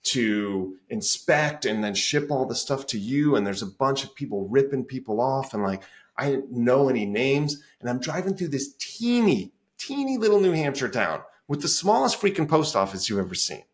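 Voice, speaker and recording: A man's voice: medium pitch, moderate pace. A man in his forties, a music therapist, telling stories animatedly in a casual interview and swearing freely. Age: 40s. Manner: animated, swears freely, acts out his own past thoughts. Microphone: podcast call.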